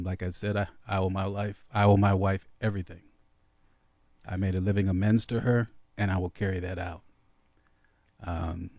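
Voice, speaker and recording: A man who is a radio show guest, giving an earnest, heartfelt personal statement in a halting way. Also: on the low side, a little mellow, no echo. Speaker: school board candidate guest. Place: radio studio.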